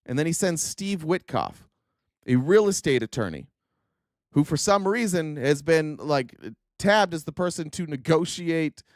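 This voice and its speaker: A man's voice: a little high, expressive, unhurried, no echo, studio quality. A man hosting a political commentary stream, ranting in a mocking, profane, heated way.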